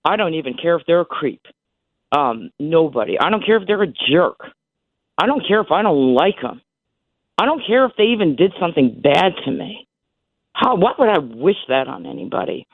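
Her voice breaking, a sixty-something woman phones a radio show and talks with emphatic emotion, repeating herself. She speaks at normal speed in a low, very animated voice, heard through a tinny telephone with no room sound.

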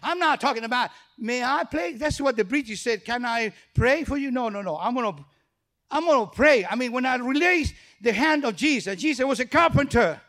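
A man's voice: very high voice, moderate pace. A male pastor preaching a sermon, telling stories and acting out dialogue in English that is not his first language. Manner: animated storytelling, acts out dialogue; non-native English phrasing.

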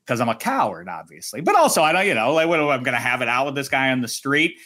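A middle-aged man co-hosting a sports talk show, telling a story in an animated, self-mocking way. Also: mid-range voice, fast talker. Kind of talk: sports radio banter.

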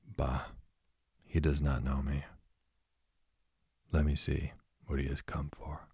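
A playful young woman who loves to tease her friend, read out by a man. His voice stays very low, slow and level, husky and dark, and it sounds close and dry. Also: dry recording, exaggerated voice. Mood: teasing. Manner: slow, soft, even reading.

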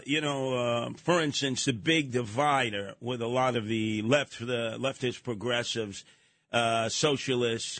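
A man hosting a radio talk show, trading opinions with callers in an animated, mocking way that slips into acted voices. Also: medium pitch, no echo.

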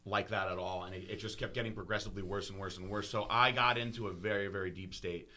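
A podcast host with a low but bright, forward voice. He talks candidly and earnestly, halting and restarting as he opens up, with casual swearing mixed in. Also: steady tone.

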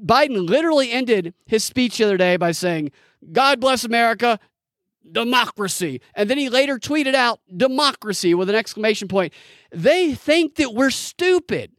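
A man's voice: extremely high pitch, very animated, moderate pace, dry recording, studio quality. A man hosting a solo commentary podcast, ranting in an indignant, mocking way. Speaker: podcast host.

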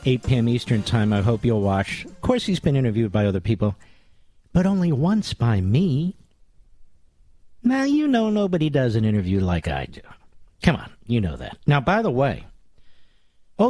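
A man's voice: mid-range voice, no echo. A man hosting a political talk radio show in a monologue, combative and sarcastic, with mocking nicknames.

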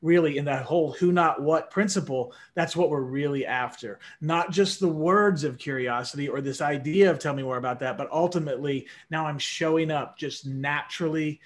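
A man's voice: a little high, normal speed, hardly any pauses. A man, an author and guest, talking about leadership in an earnest, reflective way and often repeating his first words. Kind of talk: conversational interview.

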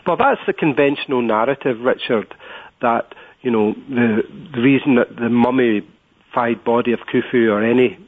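A man with a Scottish accent, a guest on an interview, explaining at length and pausing often with filler words. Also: medium pitch. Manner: hesitant, many filler words. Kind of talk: interview over the phone. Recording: tinny phone line.

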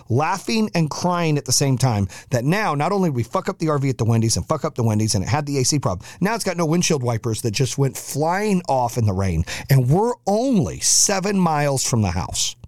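Brief: male host, mid voice, animated and profane storyteller, dry room. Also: mid-range voice, no echo. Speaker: podcast host. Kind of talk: storytelling monologue.

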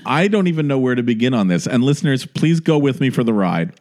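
A man hosting a podcast, telling stories in a playful, animated way. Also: medium pitch, fast talker. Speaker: podcast host. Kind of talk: casual podcast chat.

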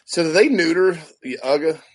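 Joking sports-talk man, higher voice. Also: animated, moderate pace, husky, rough recording. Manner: joking, slips into mock-solemn chanting. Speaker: radio show co-host.

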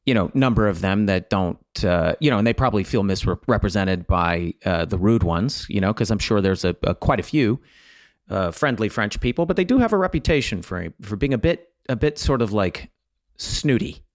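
A man's voice: on the low side, expressive, normal speed, no room sound, studio quality. A man co-hosting a comedy podcast, rambling casually, swearing and slipping into mock quotes. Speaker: podcast co-host.

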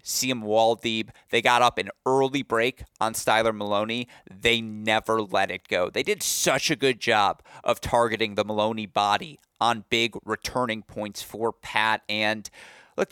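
A man's voice: lowish voice, clear, resonant tone, no room sound, clean studio sound. A man hosting a sports podcast, recapping matches with enthusiasm and a slightly worn voice. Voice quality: slightly worn voice after a long day. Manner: enthusiastic, gets loud and excited telling stories. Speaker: podcast host.

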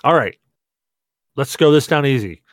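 A man hosting a podcast, tipsy from rum, telling a story in an animated, laughing way and swearing a lot. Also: medium pitch, normal speed, no echo, clean studio sound. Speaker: podcast host. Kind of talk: casual storytelling chat.

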